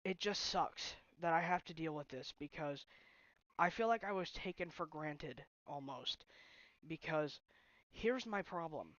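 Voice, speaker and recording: Young man, frustrated vlog rant, halting restarts, dull lo-fi sound, dry room. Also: on the high side, lively intonation, a bit bright, dry recording. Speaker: vlogger. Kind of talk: emotional personal vlog rant. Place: bedroom at home.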